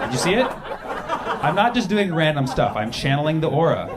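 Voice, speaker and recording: A man's voice: a little high, very animated, a little fast. A man doing a stand-up set, brash and mock-outraged, working the crowd. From United States. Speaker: stand-up comedian. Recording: loud background noise.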